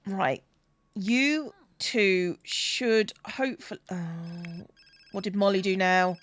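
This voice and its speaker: A woman's voice: medium pitch, slow. A woman streaming a game, casually chatting and scolding the characters on screen. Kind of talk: casual gameplay chat.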